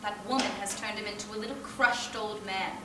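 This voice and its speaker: Heard from far off on a theatre stage with roomy sound and some background noise, a young actress in her twenties plays a despairing, overwrought young woman in a live play. Her natural, medium-pitched voice is steady and fairly quick as she pleads emotionally and breaks into outbursts.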